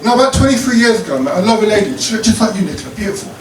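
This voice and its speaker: Cheeky high-voiced comic. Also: male voice, very animated, rapid-fire. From Croydon, South London. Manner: cheeky, punchy, leads call-and-response. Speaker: stand-up comedian. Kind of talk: stand-up routine with crowd work. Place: comedy club stage with a live audience. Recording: roomy live club sound, distant mic, noisy.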